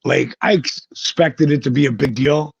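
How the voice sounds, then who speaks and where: A man being interviewed, telling lively, profane stories and acting out the voices of the people in them. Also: medium pitch, moderate pace, gravelly. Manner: vivid, profane storytelling that acts out quoted voices. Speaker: guest, former pro wrestler. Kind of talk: animated storytelling interview. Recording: dull lo-fi recording.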